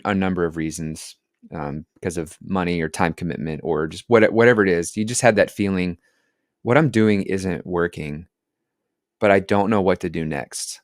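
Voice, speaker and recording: Deep-voiced man asking thoughtful questions. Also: no echo, clean studio sound. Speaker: podcast host. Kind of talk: interview questions.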